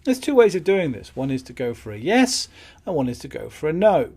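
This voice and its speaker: A man teaching phone appointment-setting in a calm, matter-of-fact way, with light chuckles. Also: on the high side, fairly quick, creaky, husky. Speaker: business skills trainer. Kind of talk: instructional talk on phone sales.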